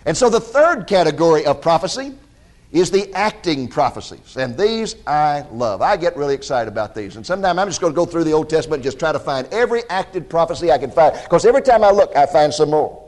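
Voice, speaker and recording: A man with a fairly high voice preaches a sermon in a lively storytelling manner. He acts out the quoted lines and points his listeners to scripture passages. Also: a little fast. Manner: animated storytelling with dramatized quotes.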